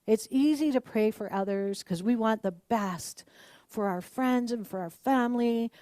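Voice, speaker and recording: In a dry recording, a middle-aged female minister preaches with lively, conversational energy, performing the voices of the people she cites. Her pitch sits in the medium range.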